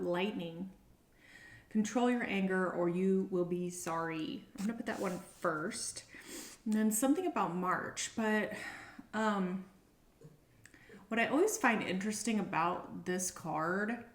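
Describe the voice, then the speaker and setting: A woman's voice: on the low side, measured pace. Chatty woman doing a tarot reading. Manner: chatty and meandering, thinking aloud. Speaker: tarot reader. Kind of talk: casual tarot reading to camera. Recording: roomy echo.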